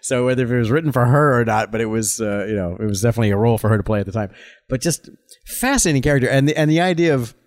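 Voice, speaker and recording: A man's voice: mid-range voice, animated, rapid-fire. A man co-hosting a casual film commentary, enthusiastic and prone to jokey exclamations. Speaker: podcast co-host.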